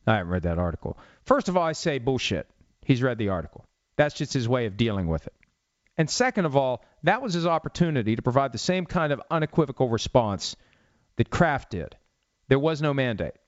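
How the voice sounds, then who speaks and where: Animated, sarcastic male sports talk host. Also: medium pitch, fairly quick, no echo, dull audio. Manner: sarcastic, animated, rhetorical questions. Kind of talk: solo talk commentary. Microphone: studio mic with cough button.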